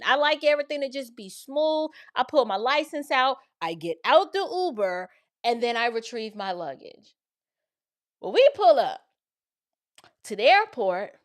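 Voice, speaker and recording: Telling her viewers a personal story, an animated woman who hosts a show speaks in a slightly high voice. She puts on different voices whenever she quotes someone.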